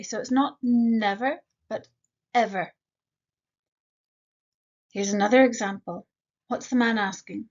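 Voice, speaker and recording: A woman teaching an English grammar lesson, slowly modeling example sentences and asking the learner quick questions. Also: fairly high pitch, dull audio.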